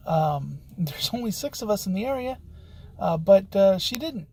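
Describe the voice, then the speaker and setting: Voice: mid-range voice, lively intonation, normal speed, a little mellow, a little hiss or hum. A locksmith hosting a podcast, telling a work anecdote in a rambling, conversational way. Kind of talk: casual spoken anecdote.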